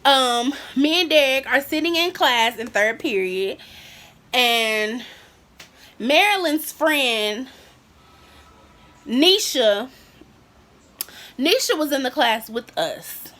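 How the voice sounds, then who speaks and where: A young woman vlogger telling a high school story in a casual, animated way, acting out what people said. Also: slow, pauses often. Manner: animated, acts out quotes.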